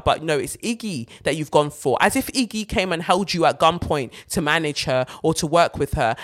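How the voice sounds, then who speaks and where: A host giving blunt, sarcastic, profane celebrity gossip commentary in a ranting style. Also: medium pitch.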